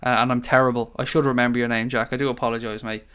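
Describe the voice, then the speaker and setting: An Irish man, an adult father of young children, hosts a casual live stream, reading out viewer comments and greeting people as mate and buddy. His medium-pitched voice is a bit bright and clean, with flat delivery, and he races along.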